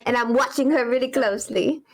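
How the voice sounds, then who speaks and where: A woman playing a tabletop game, speaking in a measured, watchful way. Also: a little high. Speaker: player.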